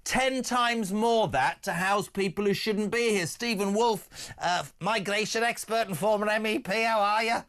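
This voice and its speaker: A man hosting a live talk radio show, brash and jokey, shifting quickly between banter and serious points. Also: sits high, a bit bright.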